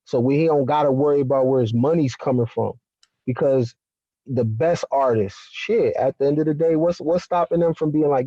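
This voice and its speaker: A man with a mellow, warm voice, chatting casually and animatedly as a talk-show guest. His audio sounds dull and dry, like a remote hookup. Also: mid-range voice, moderate pace, dry recording. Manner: animated, slangy, with repeated fillers. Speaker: podcast guest. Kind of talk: casual conversation.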